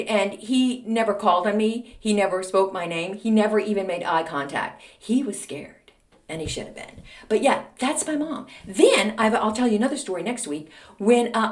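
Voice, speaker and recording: A middle-aged woman, the host of a podcast, telling a story in a chatty, animated way and calling her listeners "people". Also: mid-range voice, normal speed. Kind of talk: casual anecdotal storytelling. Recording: echoey room.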